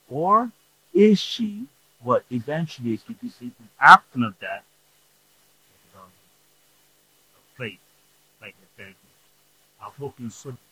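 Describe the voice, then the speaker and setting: A male pastor delivering a sermon at an unhurried, drawn-out pace. His voice is husky and a little breathy. The recording is dry and close, with no room echo. He circles back to repeat his points and checks in with listeners. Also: a little high, pushed and bright.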